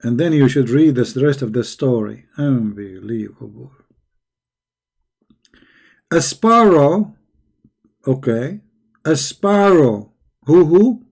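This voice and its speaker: Combative, mocking man with a mellow voice. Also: medium pitch, animated, takes it slowly, creaky, long pauses, breathy edge. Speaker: religious debate host. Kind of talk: live online debate commentary.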